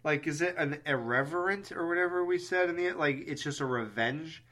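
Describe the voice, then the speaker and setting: A man co-hosting a movie podcast in casual chat, animated and swearing freely, laughing often. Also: fairly high pitch, moderate pace. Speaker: podcast co-host.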